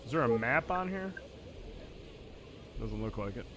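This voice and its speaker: A man's voice: mid-range voice, animated, unhurried, background noise. A man chatting casually and reading game lines aloud as he streams a video game, swearing now and then. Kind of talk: casual live-stream commentary. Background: game music.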